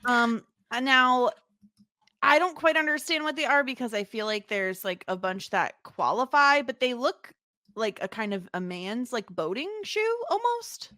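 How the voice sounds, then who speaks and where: A woman's voice: a little high, measured pace, no echo, studio quality. A woman co-hosting a podcast, chatting casually and giggling as she recaps a TV episode. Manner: giggly, animated, laughs often while retelling scenes. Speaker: podcast co-host.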